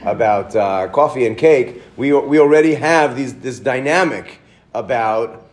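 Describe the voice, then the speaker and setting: A middle-aged man, a rabbi, giving an informal Torah lesson to a live class, telling stories in a chatty way and getting lively as he goes. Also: mid-range voice, unhurried. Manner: chatty storyteller, lively with rising excitement, self-interrupting.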